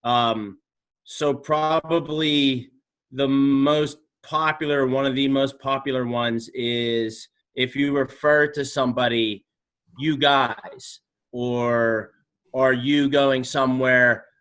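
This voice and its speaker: A man's voice: mid-range voice, steady tone, takes it slowly, a bit bright, clear, resonant tone. A man from the Pittsburgh area, a guest in a casual, tipsy chat, talking hesitantly with wry remarks. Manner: hesitant, many fillers and restarts, wry.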